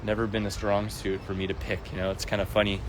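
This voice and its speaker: A man with a somewhat low voice chats in an easygoing way, full of fillers and little exclamations, as he walks outdoors through a city park. He holds his phone as the mic, and loud street noise and passing traffic sit right under his words. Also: fast talker. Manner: chatty and easygoing, with frequent fillers and excited exclamations. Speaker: raw food lifestyle coach. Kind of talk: casual live-stream chat while walking.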